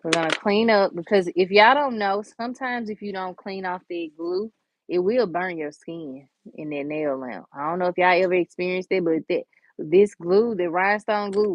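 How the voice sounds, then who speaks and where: Over dull audio, a woman with a fairly low voice chats casually through a nail tutorial. Folksy and talkative, she calls her viewers "y'all" and "honey" in this how-to chat.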